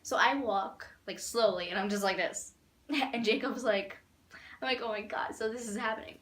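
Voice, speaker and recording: A woman's voice: a little high, normal speed, roomy sound. A young woman vlogger telling a long, rambling fan story in casual chat, full of "like" and acted-out quotes. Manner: rambling, animated, many "like"s and laughs.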